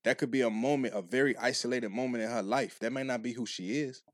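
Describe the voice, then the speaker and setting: A man's voice: medium pitch, fast talker, no echo, clean studio sound. A man co-hosting a podcast, talking in a laid-back, profane way as he philosophizes about relationships. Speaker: podcast co-host. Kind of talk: casual chat.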